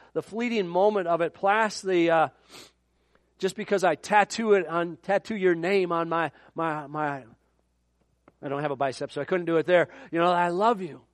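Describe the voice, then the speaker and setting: A middle-aged man delivers a sermon in a casual, conversational way, breaking off into joking asides. His voice sits a little high for a man. The sound is dry and close, with no room echo. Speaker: pastor.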